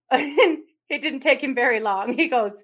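A woman's voice: on the high side, a little fast. Laughing woman telling a family story. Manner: animated storyteller, laughs often, acts out quotes. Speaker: podcast co-host. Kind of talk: casual storytelling chat.

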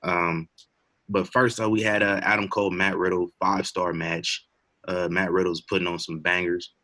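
Deep, bright, and pushed, a young co-host's voice stays level at normal speed as he chats casually about wrestling on a podcast. His talk wanders, full of fillers and laughs.

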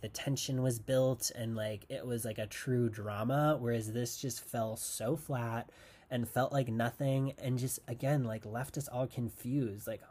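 A man's voice: medium pitch, darkish tone. A man hosting a casual podcast episode, recapping a TV finale in a sarcastic, chatty way, peppering his talk with "like" and acting out the characters' lines. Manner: sarcastic, full of "like", acts out quoted lines. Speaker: podcast host recapping a TV show.

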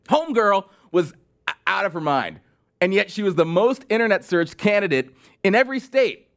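A man's voice: high voice, lively intonation, normal speed, fairly bright tone. A male podcast host delivering a sarcastic, mocking political commentary monologue with exasperated outbursts.

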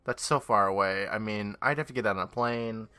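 A man's voice: fairly low pitch, moderate pace, sharp tone, smooth, no echo. A man co-hosting a podcast, joking and swearing through a casual TV recap. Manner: joking, swearing, playing out quoted lines. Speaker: podcast co-host.

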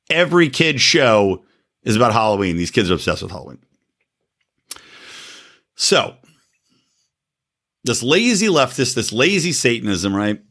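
A man's voice: fairly low pitch, fairly bright tone. A man from the United States hosting his own show, delivering a blunt, profane, sarcastic opinion rant. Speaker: podcast host.

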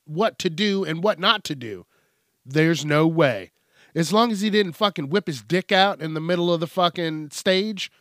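A man's voice: a little high, a bit bright, no room sound, clean studio sound. A man hosting an angry, profane news commentary rant.

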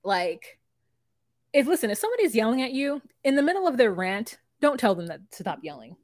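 Chatty, slightly high-voiced woman podcaster. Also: brisk, no room sound, studio quality. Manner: animated, swearing, mimics people in quotes. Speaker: podcast co-host. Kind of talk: casual reality TV recap chat.

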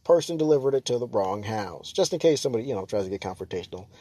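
A man's voice: on the low side, lively intonation, rapid-fire, no room sound. Exasperated young man ranting, dry sound. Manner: ranting, exasperated, jumps to loud mock shouts. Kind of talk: casual rant to camera.

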